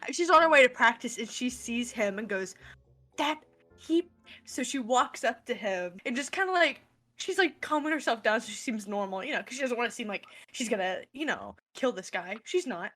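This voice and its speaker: A woman's voice: a little high, animated, fairly quick, fairly bright tone, faint music behind. A woman describing what her character does in a tabletop game, rambling with lots of "like" and "you know". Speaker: player.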